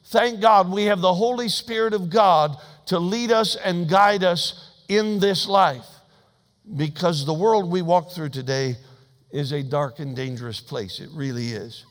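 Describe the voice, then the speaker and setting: A man preaching a sermon as pastor, folksy and humorous, swinging between emphatic loud passages and hushed asides. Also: high-pitched, a little slow, in a large hall.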